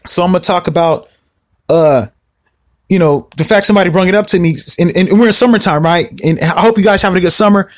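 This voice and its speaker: A man rants alone into his podcast mic, his voice sitting high. He talks in an animated, confrontational way and keeps repeating himself. The sound is dry and close, with no room around it. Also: fast, dry recording. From Southern California. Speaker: podcast host. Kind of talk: solo podcast rant.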